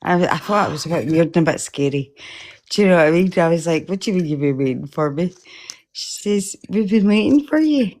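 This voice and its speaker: Woman with a slightly low voice, rambling and emotional, a caller on a live stream. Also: lively intonation, a little fast, darkish tone. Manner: emotional, rambling, laughs often. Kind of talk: casual chat.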